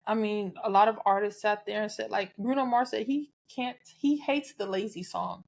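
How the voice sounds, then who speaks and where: A woman's voice: medium pitch, fairly even intonation, normal speed, creaky, darkish tone. A woman from the American South with a Southern accent, hosting a solo podcast in a candid, chatty way, cussing and laughing freely. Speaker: podcast host. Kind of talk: casual solo podcast talk.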